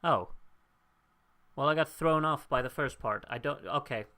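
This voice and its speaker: Young man, casual livestream host, chatty, self-deprecating, mid-pitched voice. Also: moderate pace, bright, forceful tone. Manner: chatty and upbeat, laughs at himself, thinks aloud. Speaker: livestream host reading out viewer votes. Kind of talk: casual live watchalong chat.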